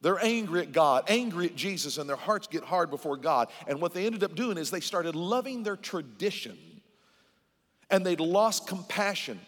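Male pastor, sermon; lively, emphatic, higher-pitched preacher with long church-hall reverb. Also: normal speed.

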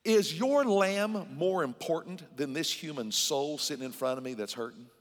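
A man's voice: fairly high pitch, normal speed, lightly acted. A man voicing a stern man who firmly confronts religious leaders, recorded with long hall reverb. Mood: rebuking. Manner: firm, accusing.

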